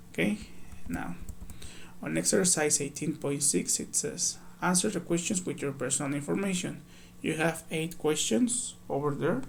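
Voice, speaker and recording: Male ESL teacher, gravelly, slightly high voice, patient step-by-step workbook walkthrough, faint hiss behind. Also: darkish tone. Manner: patient, explains step by step, reads examples aloud. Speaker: English teacher.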